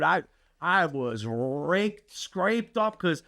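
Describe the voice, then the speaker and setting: Brief: a man from Connecticut with a gravelly edge, spinning a profane tale in a lively voice. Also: a little high, measured pace, dry recording. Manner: profane, animated storytelling. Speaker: podcast co-host. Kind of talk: recounting a personal story.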